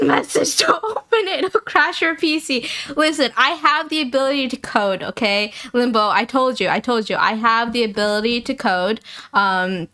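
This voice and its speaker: Bright, chatty woman streamer. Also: mid-range voice, smooth. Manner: rapid-fire, rambling, playful and teasing. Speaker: livestream host. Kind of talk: casual livestream chat with viewers.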